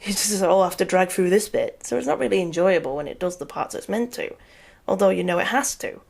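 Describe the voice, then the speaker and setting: A woman's voice: on the low side, fairly quick, vocal fry. A woman giving a casual, rambling rant review, sarcastic and often breaking into laughter. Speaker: video reviewer.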